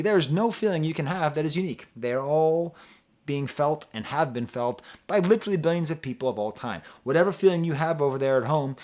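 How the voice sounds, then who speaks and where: Rambling, animated man reviewing an album. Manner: rambling, self-interrupting, with asides to the viewer; animated, pitch and loudness swing widely. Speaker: music reviewer, channel host. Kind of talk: casual spoken album review.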